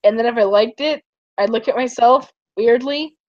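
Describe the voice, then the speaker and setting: A woman's voice: on the high side, moderate pace, a little mellow, dry recording. Giggly, rambling young woman streamer. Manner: rambling, giggly, tells stories with acted quotes. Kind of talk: casual chat. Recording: dull, muffled stream audio.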